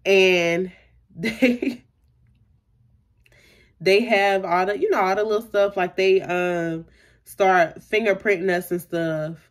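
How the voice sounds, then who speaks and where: A woman's voice: medium pitch, fairly even intonation, takes it slowly, long pauses. A young adult woman vlogger telling a personal story in a casual, chatty way, full of fillers, acting out what people said. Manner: chatty, lots of fillers, acts out quotes.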